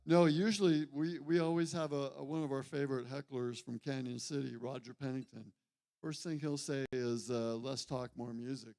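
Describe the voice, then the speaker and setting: A man's voice: mid-range voice, fairly even intonation, moderate pace, vocal fry, darkish tone. A man hosting a live music radio show, chatting in a rambling, stop-start, jokey way. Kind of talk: casual live studio chat. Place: music studio with a small audience.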